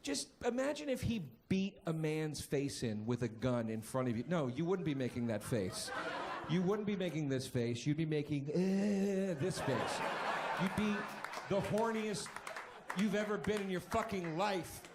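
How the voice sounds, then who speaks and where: Guy doing standup, super animated, yells up high in bits, faint room hum behind. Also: unhurried. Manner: animated storyteller who jumps to high yelling voices. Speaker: stand-up comedian. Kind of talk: stand-up routine.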